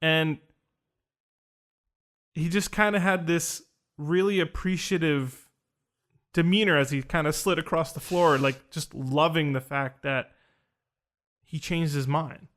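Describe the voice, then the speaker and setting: A man with a slightly raised voice tells a story in a relaxed podcast chat. He talks with animation and acts out the lines of the people in his story. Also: fairly high pitch, a little slow, long pauses. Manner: animated, acts out quoted dialogue. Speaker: podcast host recounting an experience.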